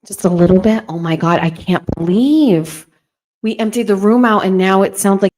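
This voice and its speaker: A woman's voice: mid-range voice, moderate pace, darkish tone. A woman hosting a casual livestream, chatting playfully with viewers from a bare bedroom at home into a desk microphone. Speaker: livestream host.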